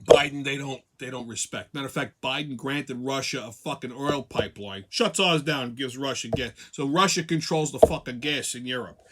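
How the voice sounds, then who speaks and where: A man's voice: medium pitch, moderate pace, few pauses, very noisy. A man hosting a weekly show, ranting sarcastically and profanely. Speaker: host. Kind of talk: profane comedic rant.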